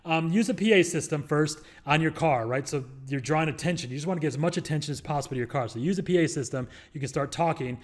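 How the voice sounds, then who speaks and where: A man's voice: fairly high pitch, fast, hardly any pauses. A young man giving casual advice in a rambling, joking way, full of fillers and restarts. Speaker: real estate investor and show host.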